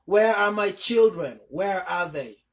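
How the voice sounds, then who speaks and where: A desperate, determined mother from a folk tale, as a male storyteller puts her on. The voice is raised above his usual pitch and pushed loud and urgent. It is pleading one moment and shouting the next. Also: moderate pace, natural voice. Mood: furious shouting. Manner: pleading, then shouting angrily. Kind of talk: storybook reading.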